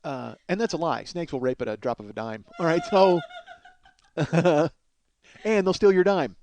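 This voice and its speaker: A man's voice: a little high, moderate pace, darkish tone, slight background noise. A man in his forties hosting a comedy podcast, rambling through absurd running bits and laughing at his own jokes. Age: 40s.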